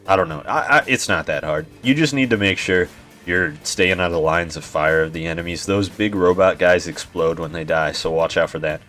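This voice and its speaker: A man's voice: low voice, normal speed, a bit bright, faint music behind. A young man giving laid-back gameplay commentary, swearing often, chuckling and sounding tired. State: yawning, tired. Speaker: gaming YouTuber.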